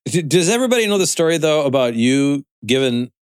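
Animated man telling a story, dry sound. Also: fairly high pitch, a little fast, smooth, no room sound. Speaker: podcast co-host. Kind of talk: casual chat.

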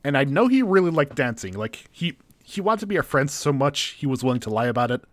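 A man recaps episodes casually with a co-host, slipping into quoted lines now and then. His voice sits at an ordinary pitch. The recording is close and dry, with no room sound. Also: sing-song, fast talker, fairly bright tone, dry recording. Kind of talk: casual chat.

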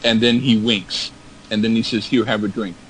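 A man's voice: fairly low pitch, steady tone, normal speed, a bit bright, a little hiss or hum, poor audio. A man in casual chat, rambling through anecdotes with stammered repeats and acted-out quotes.

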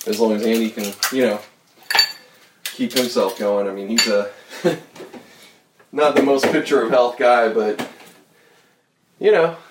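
A man's voice: on the low side, slight background noise. A man chatting casually to his viewers in a rambling way, swearing now and then as he drives and runs errands. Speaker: vlogger. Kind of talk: casual chat while driving and running errands. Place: in a car and parking lot.

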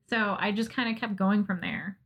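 An American woman in casual podcast chat, animated and laughing as she mock-rants about baking. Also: medium pitch, normal speed, breathy edge. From United States. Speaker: podcast co-host, interviewee.

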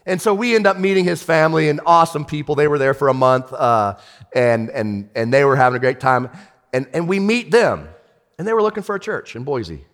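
Male pastor, slightly high voice, chatty storyteller with asides, long church-hall reverb. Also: fairly quick. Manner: animated, chatty, many restarts and asides. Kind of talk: sermon storytelling.

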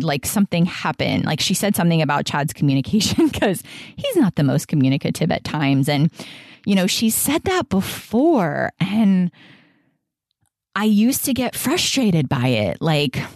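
Young woman, podcast host, casual storytelling, says "like" a lot, lowish voice, dry close sound. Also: dry recording. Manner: chatty, says "like" often, quotes others in animated asides.

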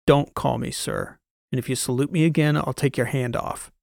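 A man voicing a gravelly, sardonic commander. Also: medium pitch, steady tone, moderate pace, a little mellow, dry recording, clean studio sound, natural voice. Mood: commanding. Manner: blunt, mocking, barking orders. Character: brusque sardonic male special-ops commander, hardened. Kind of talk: audiobook character voice.

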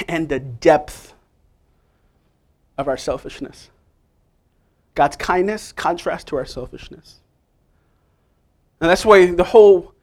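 A male pastor preaching a sermon, emphatic and playful, swinging from quiet asides to loud stresses. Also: high voice.

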